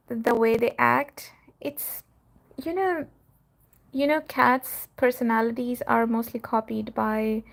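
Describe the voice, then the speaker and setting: A woman's voice: on the high side, gravelly. A woman who runs a cattery and hosts her channel, chatting casually on a live stream, laughing often and trailing off with fillers. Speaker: cattery owner and channel host.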